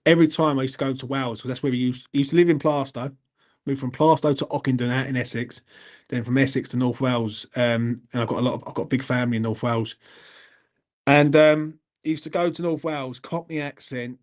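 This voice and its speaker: A man talks casually on a live stream, sweary and blunt, often breaking into laughs. His voice sits a little higher than most men's. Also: darkish tone. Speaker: YouTube channel host.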